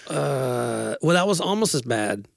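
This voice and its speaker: A man's voice: medium pitch, very animated, unhurried, gravelly, no echo. A man co-hosting a podcast, telling embarrassing stories in casual chat and laughing often. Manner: storytelling, self-deprecating, laughs often. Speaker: podcast co-host.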